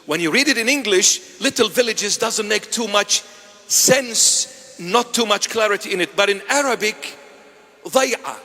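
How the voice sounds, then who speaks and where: A man delivering a sermon as a bishop, his voice sitting high for a man. He moves between loud declarations and hushed asides and acts out quoted dialogue. His words ring out with a long reverb from the church around him. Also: normal speed. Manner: preaching with sharp rises and drops in loudness.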